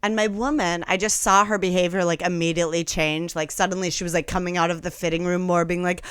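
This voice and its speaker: Woman, young adult, comedian, low pitch, dry close mic, animated storytelling. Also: fast talker, clear, resonant tone, dry recording. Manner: animated, acts out quoted voices, laughs often. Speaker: guest comedian. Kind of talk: casual storytelling on a podcast.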